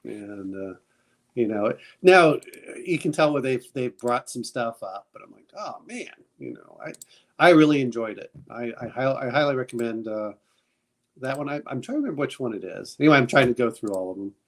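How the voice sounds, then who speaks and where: A man's voice: mid-range voice, animated, a little fast. A man hosting a casual chat, rambling through recommendations with many fillers and restarts. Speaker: podcast host.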